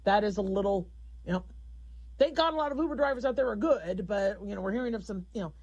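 A woman's voice: mid-range voice, fast talker, a little mellow, breathy edge, rough recording. A middle-aged woman hosting a radio call-in show, talking frankly in a rambling, conversational monologue.

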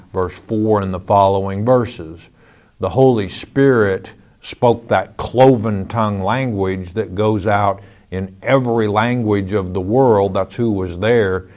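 A man with a lowish voice who takes his time, reading out listener questions and answering them with Bible references. He speaks firmly and matter-of-factly, with plenty of "uh" fillers. It sounds like a radio Bible question-and-answer show. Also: a little mellow. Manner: firm, matter-of-fact, cites scripture chapter and verse; frequent "uh" fillers.

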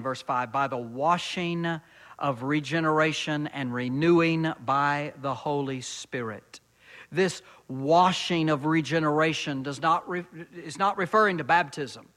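A man preaching a sermon as pastor, reading scripture slowly and deliberately and growing louder and higher when stirred.

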